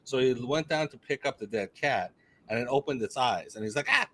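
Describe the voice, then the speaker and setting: A man co-hosting a podcast tells a story in a casual, animated way. He teases his friends and often stumbles and restarts mid-sentence. His voice sits at an ordinary middle pitch. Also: a little fast, a little hiss or hum. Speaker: podcast co-host.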